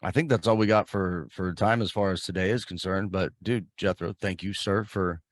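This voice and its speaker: A deep-voiced man hosting a casual podcast, relaxed and easygoing with a ready chuckle. The sound is close and dry, with no room in it. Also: moderate pace, no echo. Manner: easygoing, chuckling, drawling sign-offs. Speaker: podcast host.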